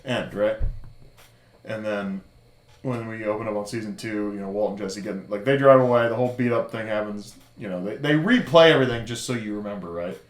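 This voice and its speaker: A man co-hosting a podcast, recapping a TV series in loose casual chat full of fillers and quick laughs. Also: on the low side. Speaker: podcast co-host. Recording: roomy echo.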